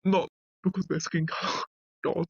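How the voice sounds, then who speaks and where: A man with a high-pitched voice reads an online article aloud and cuts in with blunt, casual reactions, sometimes cursing. The recording sounds dull and lo-fi, with a dry sound and no room echo. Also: flat delivery, normal speed, vocal fry, husky. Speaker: commentator reading a wiki article aloud. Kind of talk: casual reading and commentary.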